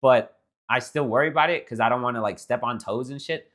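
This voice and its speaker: A man's voice: mid-range voice, brisk, a bit bright. A young man from Texas, co-hosting a podcast, telling stories in a laid-back way with lots of fillers and swearing. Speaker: podcast co-host. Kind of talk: casual chat.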